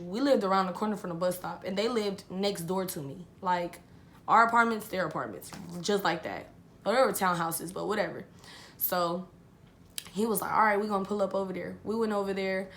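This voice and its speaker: A young woman vlogger with a medium-pitched, slightly bright voice tells a personal story casually. She's chatty, repeats herself, and addresses her viewers as "y'all."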